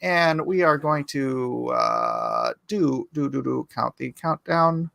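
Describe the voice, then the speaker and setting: A man's voice: medium pitch, huge pitch swings, slow pace, vocal fry, pushed and bright, no echo. A middle-aged man hosting a casual live art auction, joking and teasing as he chats. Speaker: auction host and comic artist. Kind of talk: casual livestream chat.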